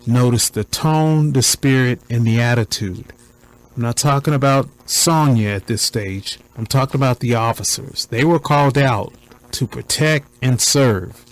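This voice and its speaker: A man commenting on a recording in a deliberate, preacher-like cadence, repeating points for emphasis. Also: mid-range voice, low-quality recording.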